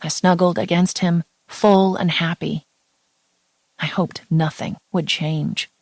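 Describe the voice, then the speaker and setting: A woman reading a first-person romance audiobook in a steady, intimate storytelling voice. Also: lowish voice, takes it slowly, no echo. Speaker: audiobook narrator.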